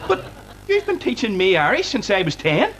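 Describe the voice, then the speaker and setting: An actor with a Belfast accent playing a naive young son, plaintive and whiny. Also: male voice, sits high, huge pitch swings, normal speed, noisy background. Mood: indignant. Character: dim-witted young adult son. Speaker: sitcom character. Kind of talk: sitcom acting.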